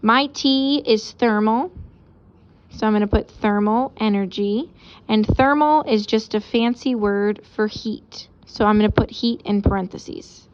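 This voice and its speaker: A woman teacher giving a casual recorded lesson, explaining out loud while she sketches examples. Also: mid-range voice, unhurried, clean tone, muffled recording.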